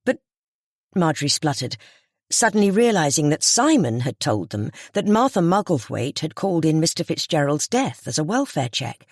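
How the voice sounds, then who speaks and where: Audiobook narrator telling a cozy mystery, steady, mid pitch, super dry close mic. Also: normal speed, no echo.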